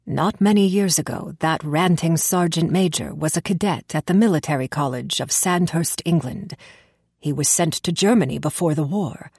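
A woman's voice: low voice, moderate pace, a little mellow, slightly rough, no room sound, clean studio sound. A woman reading the part of a friendly male resistance worker, explaining in an easy, sly way.

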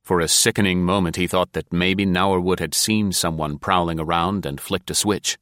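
A man narrating a suspense novel in a steady, measured audiobook reading. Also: low-pitched, no echo, clean studio sound. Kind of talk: scripted narration.

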